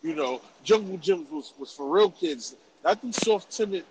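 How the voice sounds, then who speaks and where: High-voiced, profane man telling a story. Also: moderate pace, background noise. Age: about 40. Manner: animated, profane, laughing. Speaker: podcast host. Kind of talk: casual storytelling.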